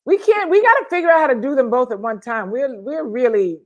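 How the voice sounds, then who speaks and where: A woman co-hosting a casual livestream chat, lively and chatty, calling out viewers by name. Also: sits high, fairly quick, lo-fi sound. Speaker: co-host.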